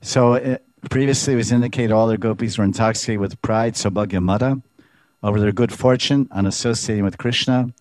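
A man's voice: fairly low pitch, fairly even intonation, brisk, a little mellow, dry recording. A man giving a devotional lecture as a Vaishnava teacher, speaking expressively, repeating words and making playful sound effects.

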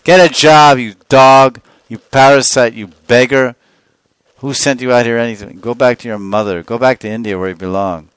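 A man voicing a hostile male heckler who shouts insults. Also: medium pitch, fairly even intonation, normal speed, clean tone, dry recording, voice pushed up, natural voice. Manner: angry, shouted.

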